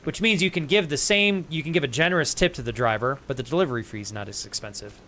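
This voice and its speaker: A man's voice: fairly high pitch, animated, fast talker, pushed and bright, slight background noise. A man streaming a video game, chatting casually with viewers, calling them by name and swearing now and then. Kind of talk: casual live-stream chat.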